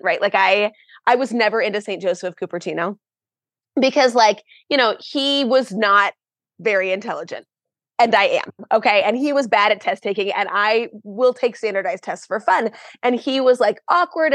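A woman speaking as a podcast guest, an animated, chatty storyteller who pokes fun at herself. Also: medium pitch, dry recording. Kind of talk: casual chat.

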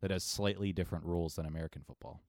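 A man's voice: low-pitched, fairly even intonation, very fast, darkish tone, dry recording, studio quality. Sarcastic, rambling podcast co-host man. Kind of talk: casual chat.

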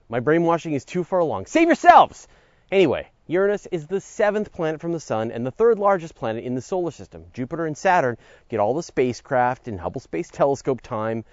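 A man's voice: on the high side, a little mellow, dry recording, dull audio. A man hosting a podcast, reading a scripted science script with a playful, jokey manner and theatrical asides. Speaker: podcast host.

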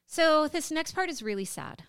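A woman's voice: sits high, animated, moderate pace, a bit bright, no room sound. A woman co-hosting a podcast, telling a story in casual chat, emotional and rambling with lots of fillers. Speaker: podcast co-host.

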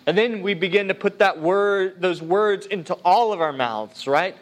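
A man from the United States preaches a sermon as a pastor, sounding earnest and conversational and often restarting his sentences. His voice is high and his pace moderate.

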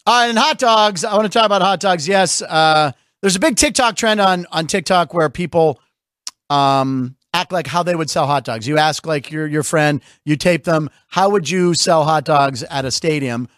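A man hosting a casual sports talk show, chatty and jokey with quick asides. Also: a little high, fairly bright tone, no echo. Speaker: host.

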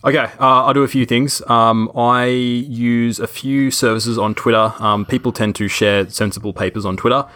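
A man's voice: medium pitch, fairly even intonation, moderate pace, hardly any pauses, pushed and bright. A man co-hosting a podcast, chatting casually, laughing often and stumbling over his words. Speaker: podcast co-host. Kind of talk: casual chat.

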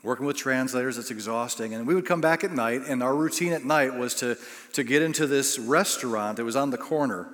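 A man's voice: medium pitch, brisk, fairly bright tone. A male pastor preaching a sermon, telling a story and building to bursts of emphasis. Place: church sanctuary. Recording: long reverb of a church hall.

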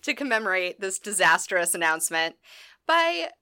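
A woman's voice: on the low side, big pitch swings, normal speed, pushed and bright, smooth, no room sound. A woman co-hosting a podcast, chatting sarcastically, swearing and laughing often. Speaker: podcast co-host. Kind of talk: sarcastic casual chat.

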